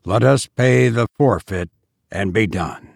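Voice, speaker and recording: A proud conspirator leader in a storybook, speaking with commanding arrogance in a deep, slow and gravelly voice, as a man reading aloud puts him on. Dry, close sound. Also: no echo, exaggerated voice. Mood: arrogant, resigned.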